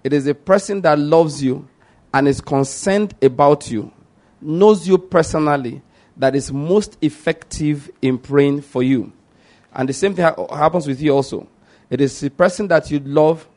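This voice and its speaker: A man's voice: fairly high pitch, unhurried, a little mellow. Man preaching a teaching sermon. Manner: teaching, repeats key points, asks "do you understand".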